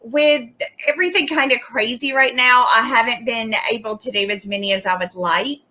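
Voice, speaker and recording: A woman's voice: fairly high pitch, moderate pace, sharp tone, rough recording. A young woman guest in a casual interview, chatty, acting out quotes of herself and laughing often. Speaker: guest YouTuber.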